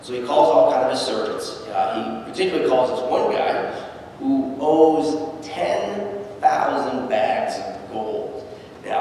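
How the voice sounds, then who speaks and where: A man preaching a sermon, retelling a parable in a conversational, animated way. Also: medium pitch, a little hiss or hum. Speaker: pastor. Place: church sanctuary. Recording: echoey church hall, distant mic.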